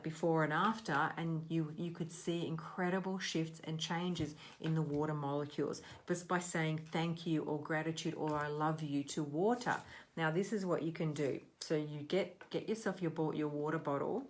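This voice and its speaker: A woman's voice: low voice, a little hiss or hum. A middle-aged woman coaching on self-worth in a casual, earnest talk, rambling and often restarting her sentences.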